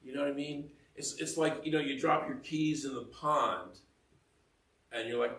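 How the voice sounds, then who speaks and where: A man's voice: medium pitch, normal speed, fairly bright tone. A middle-aged man giving a conversational homily, chatty and self-mocking, full of asides and laughter. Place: church. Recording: roomy echo, mic heard from a distance.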